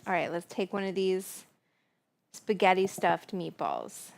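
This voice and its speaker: A woman's voice: lowish voice, big pitch swings, measured pace, gravelly. A woman hosting a casual cooking livestream, chatty and giggly, savoring the food aloud and admitting she is stoned. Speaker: cooking show host. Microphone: clip-on mic.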